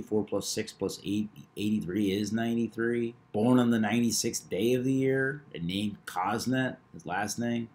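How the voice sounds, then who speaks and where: A man hosting a video, talking through number patterns in a measured, knowing way. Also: fairly low pitch, darkish tone. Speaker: numerology video host. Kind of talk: casual monologue.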